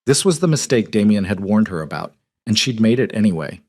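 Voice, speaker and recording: A man narrating a romance audiobook in calm, measured scripted narration. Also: fairly low pitch, no room sound, studio quality.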